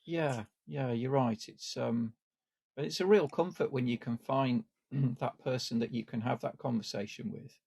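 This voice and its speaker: A man chats as a podcast co-host. His voice is gravelly with a husky edge, and he speaks in a wry, meandering way, often stumbling over repeated words before trailing off. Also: medium pitch, a little slow, a little mellow. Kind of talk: casual chat.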